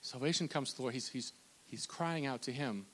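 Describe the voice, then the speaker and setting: A male pastor preaches an impassioned, repetitive sermon at a brisk pace in a mid-range voice, often restarting phrases and stammering on repeated words. A long hall reverb surrounds the recording.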